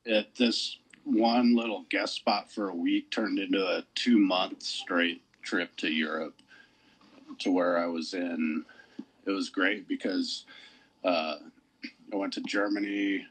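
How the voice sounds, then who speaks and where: A man's voice: low-pitched, steady tone, takes it slowly, slightly rough, rough recording. A man, a tattoo artist guest, telling stories in a laid-back, casual way and swearing often. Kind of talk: casual conversation.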